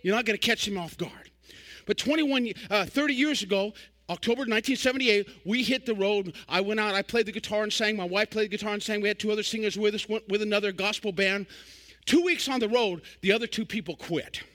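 An older man preaching a sermon as a traveling evangelist, folksy and animated, with sudden loud bursts and quick humorous asides. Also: sits high.

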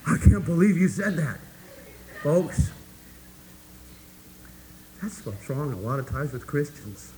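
A man preaching a sermon to his congregation, emphatic and folksy, swinging between hushed asides and loud, rising points. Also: on the high side, big pitch swings, slow, pauses often, a little hiss or hum, rough recording. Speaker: pastor.

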